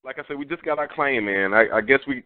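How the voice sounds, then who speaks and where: A man's voice: medium pitch, fast talker, no echo. A man calling in to a radio show, hurriedly explaining his situation and asking questions. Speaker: caller. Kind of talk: phone call-in question. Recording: dry, tinny phone line.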